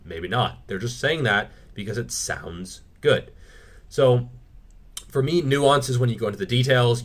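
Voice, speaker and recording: Male fitness host, casual Q&A delivery, blunt and opinionated, swears freely. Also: mid-range voice. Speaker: fitness channel host answering viewer questions. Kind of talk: casual Q&A monologue.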